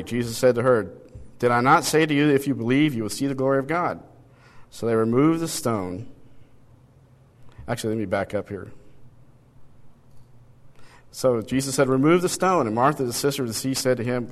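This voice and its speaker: Man teaching Bible study in reverberant hall. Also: medium pitch. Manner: conversational, asks rhetorical questions, reads passages aloud.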